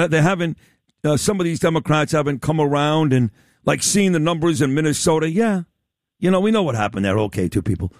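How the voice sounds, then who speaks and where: A talk radio host with a fairly high voice that swoops up and down as he leans hard on key words. He sounds close and dry, with no room echo. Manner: emphatic, sweeping pitch swings, teasing. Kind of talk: opinionated talk radio interview.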